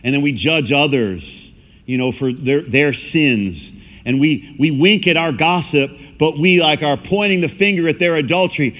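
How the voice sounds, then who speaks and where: A male pastor preaching a lively sermon, acting out quoted voices as he goes. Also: fairly high pitch, normal speed. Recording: long hall reverb.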